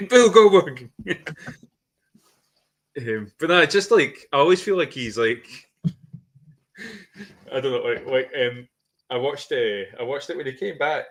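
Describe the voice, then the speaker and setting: A man's voice: medium pitch, animated, unhurried, long pauses, fairly bright tone. A man co-hosting a podcast, rambling and swearing in casual chat, laughing often. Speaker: podcast co-host.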